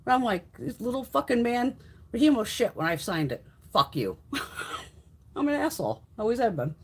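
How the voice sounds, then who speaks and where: A woman's voice: fairly high pitch, expressive, moderate pace, husky. A middle-aged woman hosting a beauty livestream, telling stories in a blunt, profane, casual way. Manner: profane, blunt storytelling with frequent swearing and laughs.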